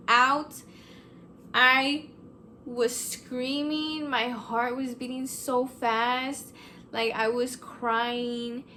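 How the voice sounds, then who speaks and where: A woman with a fairly high voice tells a ghost story casually, full of "like" and offhand swearing. Her telling is animated. Background noise hangs under the voice. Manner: animated, swears, lots of "like" fillers. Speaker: vlogger.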